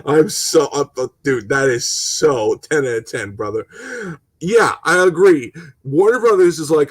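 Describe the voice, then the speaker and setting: A man's voice: a little high, expressive, unhurried, no room sound. A man hosting a gaming channel, ranting heatedly on a casual live stream, swearing and stumbling over restarts while answering viewers' comments. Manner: talks to viewers and reads chat comments.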